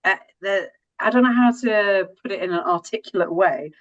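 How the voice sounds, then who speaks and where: A woman hosting a casual film-review podcast, chatty and quick to laugh, sometimes hunting for the right words. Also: medium pitch. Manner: chatty, giggly, searches for words. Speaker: podcast host. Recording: slightly dull, lo-fi sound.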